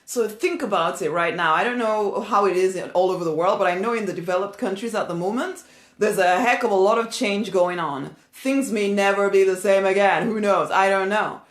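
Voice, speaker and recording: A woman delivering a spiritual pep talk in an emphatic, repetitive manner, laughing here and there between her points. Her voice sits at an ordinary middle pitch. The recording carries a noticeable roomy echo. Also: fairly quick. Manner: emphatic, repeats key phrases, laughs often. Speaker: motivational speaker.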